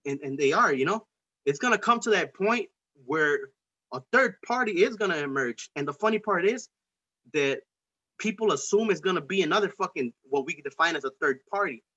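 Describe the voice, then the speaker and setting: Profane, heated man with a bright voice. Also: on the high side, animated, normal speed. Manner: heated, profane, rambling with many restarts. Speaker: podcast host. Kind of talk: casual political chat. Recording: dull lo-fi recording.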